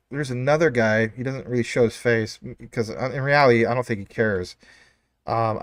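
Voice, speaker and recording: Reading viewer comments on his casual crypto livestream, this man rambles, leans heavily on fillers and wanders into chatty side remarks. He has a mid-range, fairly bright voice, captured at studio quality without echo.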